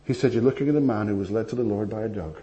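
Man preaching, loud then hushed. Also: lowish voice, rapid-fire, muffled recording, a little hiss or hum. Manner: animated storytelling, swings between loud emphasis and hushed asides. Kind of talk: sermon with anecdotes.

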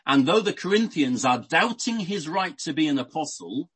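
A man's voice: fairly high pitch, expressive, moderate pace, hardly any pauses, fairly bright tone, slightly rough, rough recording. A man preaching a sermon, explaining a Bible passage in an unscripted way with everyday examples and frequent restarts.

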